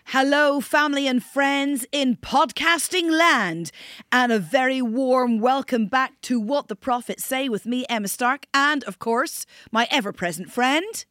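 A woman's voice: high voice, unhurried, a bit bright, dry recording, clean studio sound. A middle-aged woman with a Northern Irish accent, hosting a podcast in earnest, emphatic conversation. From Northern Ireland. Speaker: podcast host.

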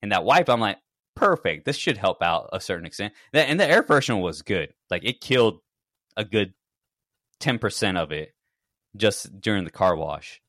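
With a fairly low, fairly bright voice and lively intonation, a man co-hosting a podcast tells a lengthy story at a moderate pace, acting out his reactions along the way. The sound is dry and studio-clean.

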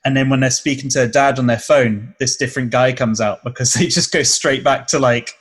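Chatty man with a mid-pitched voice. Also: steady tone, brisk, fairly bright tone, breathy edge, poor audio. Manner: rambling, chatty, self-correcting. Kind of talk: casual chat.

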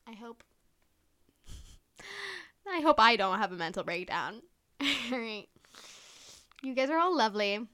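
A woman's voice: a little high, big pitch swings, slow pace, pauses often, bright, forceful tone. A young woman hosting her own podcast, chatting casually on her own, gushing and full of "like" fillers, with playful, teasing asides. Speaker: podcast host. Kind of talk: casual solo podcast chat.

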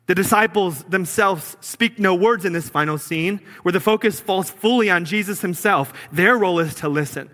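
A man preaching a sermon as pastor, earnest, sometimes dropping low and quiet for emphasis. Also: normal speed, few pauses, long reverb tail.

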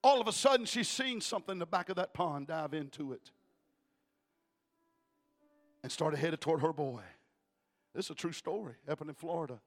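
Emphatic high-voiced male preacher. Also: lively intonation, fast talker, faint music behind. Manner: emphatic, rising to shouts. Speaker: missionary evangelist preacher. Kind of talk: storytelling sermon. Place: church.

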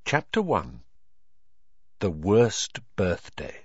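A man reading a children's novel aloud as an audiobook narrator, with an expressive storytelling delivery. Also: low-pitched, drawn-out words, breathy edge, no room sound, lo-fi sound. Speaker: audiobook reader.

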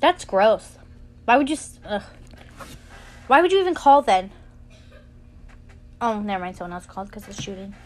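A woman's voice: mid-range voice, very animated, moderate pace, long pauses, a little mellow. A young woman co-hosting a casual podcast, reading trivia and joking in a blunt, giggly way. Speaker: podcast co-host. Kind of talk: casual chat.

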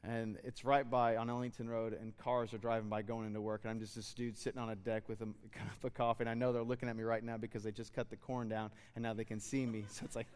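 A man's voice: on the low side, little pitch movement, quick pace, hardly any pauses, darkish tone, clear, resonant tone, in a large hall. Man preaching a conversational sermon. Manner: conversational, building to fervent exhortation. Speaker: pastor.

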